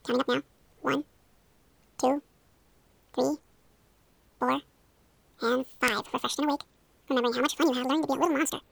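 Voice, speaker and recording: A young woman leads a playful hypnosis role-play, speaking quickly in a high, gravelly voice heavy with vocal fry. Her tone is steady and fairly bright as she coaxes and encourages the listener. The recording sounds dry and close.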